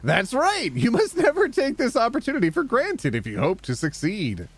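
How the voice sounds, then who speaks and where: A man's voice: very high-pitched, huge pitch swings, fairly quick, husky, faint music behind. A man from Canada playing a game on stream, reading its text aloud in a playful, joking way. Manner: playful, joking, laughs often. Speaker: gaming streamer.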